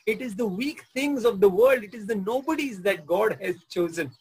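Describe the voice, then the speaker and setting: A man's voice: sits high, lively intonation, moderate pace, darkish tone, slightly rough, rough recording. A man preaching a sermon energetically and emphatically, often calling out hallelujah and acting out biblical dialogue. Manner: acts out biblical dialogue with laughs. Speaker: pastor.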